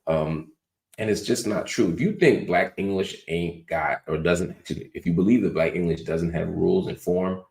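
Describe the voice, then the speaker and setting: A middle-aged talk show host chats casually and reads viewer comments aloud. His voice is low and creaky, his pace measured, his manner relaxed and conversational.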